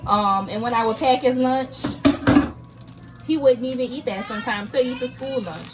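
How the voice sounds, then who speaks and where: A woman's voice: fairly high pitch, moderate pace, low-quality recording. A young woman, chatting casually and rambling with many fillers in a home vlog. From Louisiana, USA. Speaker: vlogger. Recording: music playing behind.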